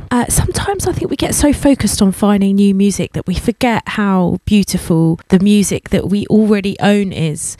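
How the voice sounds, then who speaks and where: A woman's voice: medium pitch, dark tone, no echo, poor audio. A woman hosting a radio music show, talking chattily and with enthusiasm about the tracks she plays.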